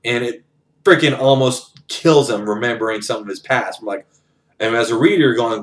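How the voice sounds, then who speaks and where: A man's voice: medium pitch, normal speed. A man casually retelling a novel's plot in his own words, rambling with fillers and swearing. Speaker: book reviewer.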